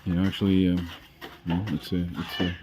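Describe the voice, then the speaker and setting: A man's voice: low voice, monotone, fairly quick, noisy background. A man chatting casually as a vlogger, rambling and hesitant, with many fillers and repeated words.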